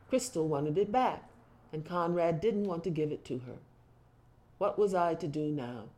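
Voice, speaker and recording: A speaker reading a book passage aloud. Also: medium pitch. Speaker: reader discussing a book.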